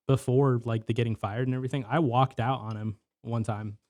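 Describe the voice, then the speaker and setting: A man's voice: mid-range voice, fairly even intonation, fairly quick, a little mellow. A young man telling work stories in casual podcast chat, rambling with lots of filler words and swearing.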